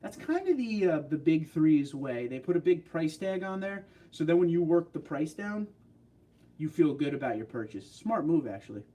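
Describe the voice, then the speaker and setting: A man from New York hosts a livestream, chatting and joking as he reads out viewer comments. His New York accent runs through his speech, and his voice sits a touch higher than most men's. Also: big pitch swings, moderate pace, dark tone. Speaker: livestream host. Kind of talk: casual livestream chat, reading comments.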